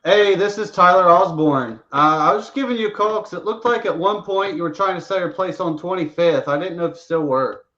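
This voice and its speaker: A man's voice: sits high, a little fast, hardly any pauses, sharp tone, lo-fi sound. A man making a sales call, opening in an easygoing, friendly way. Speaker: caller doing a live sales call. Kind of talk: outbound phone call.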